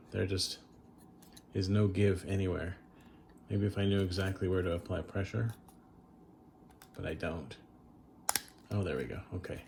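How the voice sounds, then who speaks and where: Low-voiced wry man vlogging at home. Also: gravelly, noisy background. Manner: wry and self-deprecating, thinking aloud. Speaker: collector and channel host. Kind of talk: casual unboxing vlog.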